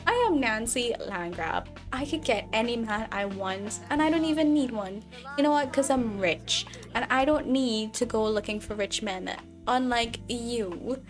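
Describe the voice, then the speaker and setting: A woman's voice: on the high side, measured pace, faint music behind, natural voice. A woman voicing a haughty rich lady in a life-sim game. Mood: boastful. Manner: sassy, taunting.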